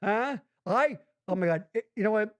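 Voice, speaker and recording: A man hosting a podcast in casual chat, loud and profane, riffing and joking. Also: high-pitched, animated, moderate pace. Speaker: podcast host.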